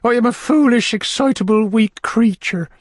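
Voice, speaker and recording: A man voicing a coy, fluttering middle-aged workhouse matron, speaking in a high, faint, bashful voice. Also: normal speed, dry recording, studio quality.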